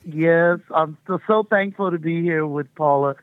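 A woman's voice: low-pitched, a little slow, dry recording. A woman musician interviewed over the phone, speaking effusively and gratefully. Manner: effusive and grateful, laughs often. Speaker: recording artist guest. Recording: tinny phone line.

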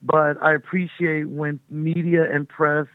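A woman's voice: low voice, little pitch movement, measured pace, dry recording. A middle-aged woman, a touring music artist, chatting as a guest in a rambling way and laughing often. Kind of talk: casual phone interview. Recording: tinny phone line.

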